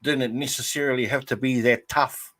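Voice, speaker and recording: A man in his fifties hosting a casual live chat, rambling and halting with plenty of filler words. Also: medium pitch, steady tone, a bit bright. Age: 50s. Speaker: host.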